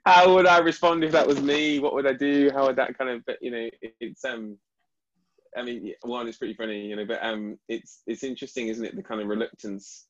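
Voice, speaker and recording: A man's voice: medium pitch, little pitch movement, fairly quick. A man who hosts the talk and is a psychologist, thinking aloud in a reflective, hesitant way with many fillers. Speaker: podcast host, psychologist. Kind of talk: reflective conversation. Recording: slightly dull lo-fi audio.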